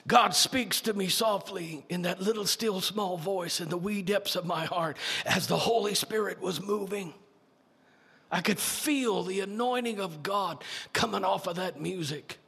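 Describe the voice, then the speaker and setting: A man preaching his testimony in a fervent sermon style, building to shouts. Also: sits high, a little slow, vocal fry, husky, in a large hall. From Idaho, United States.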